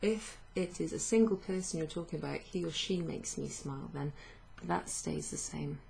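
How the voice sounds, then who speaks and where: A woman gives an online French lesson at a slow, patient pace, lingering on fillers and fixing her own mistakes as she goes. Her voice is low and warm with some gravel to it, over a faint background hiss.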